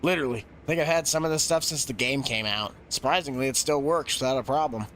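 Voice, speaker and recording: A man's voice: mid-range voice, quick pace, a bit bright, a little hiss or hum. Chatty man on a game stream. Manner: rambling, chatty, answers chat. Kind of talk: casual live-stream chat.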